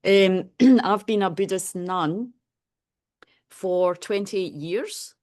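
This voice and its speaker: A Scottish woman in her fifties, a Buddhist nun, chatting informally and softly as she opens a meditation class. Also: mid-range voice, very slow. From Scotland. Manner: chatty, soft-spoken, many "you know"s, light laughs. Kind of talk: casual classroom talk.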